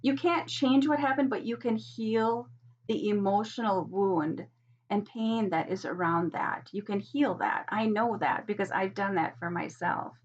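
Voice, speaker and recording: A middle-aged woman giving a gentle spiritual card reading, soft, earnest and encouraging. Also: mid-range voice, unhurried, breathy edge. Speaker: oracle card reader. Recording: dull lo-fi sound.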